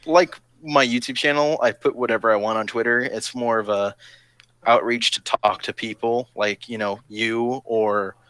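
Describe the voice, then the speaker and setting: A man's voice: mid-range voice, steady tone, normal speed, a bit bright, smooth, dry recording. A man hosting a live stream chat, talking in a rambling, digressive, cheerfully provocative way. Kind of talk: casual chat.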